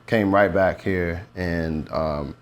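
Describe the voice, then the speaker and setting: A young man from Nigeria chats in a relaxed, reflective way about his music and childhood. His voice sits low and calm. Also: slow pace. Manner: relaxed, reflective, slips into rap flows. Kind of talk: casual interview chat.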